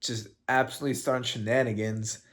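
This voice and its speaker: A man's voice: medium pitch, little pitch movement, fairly quick. Joking man breaking down fights. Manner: joking, laughs often. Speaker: combat sports commentator.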